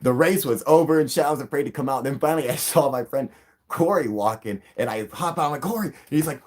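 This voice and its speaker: A man's voice: on the high side, fast, darkish tone. A man hosting a live stream, telling a rambling, profane story with frequent laughter. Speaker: livestream host.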